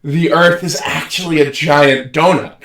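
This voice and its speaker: A man's voice: on the high side, measured pace, fairly bright tone, roomy sound. A man co-hosting a podcast in casual chat, joking and rambling through half-finished thoughts. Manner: rambling, joking, trails off and restarts. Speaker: podcast co-host.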